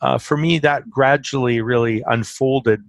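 A man speaking in a conversation about faith and ministry, animated and emphatic, repeating phrases for stress. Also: mid-range voice, measured pace, no room sound. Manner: warm, animated storyteller with emphatic repetitions.

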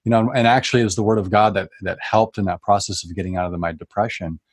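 Earnest low-voiced man, dry close sound. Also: fairly even intonation, slightly rough, no room sound. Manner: emotional, earnest, halting with restarts. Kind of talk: Christian testimony in conversation.

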